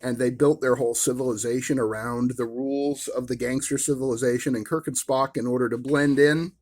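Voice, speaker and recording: A man's voice: mid-range voice, fairly even intonation, fairly quick, darkish tone. A man hosting a casual collector video who talks through his action figures in a rambling, enthusiastic, self-deprecating way. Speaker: toy collector, channel host. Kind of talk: casual collector show-and-tell.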